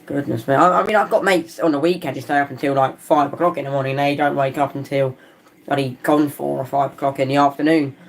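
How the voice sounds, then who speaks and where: A man hosts a live football watchalong, chatting casually with viewers in a fast, creaky voice. He's excitable, moving between easygoing musing and loud outbursts at near misses, with slangy talk that calls players and viewers "lad" and "mate."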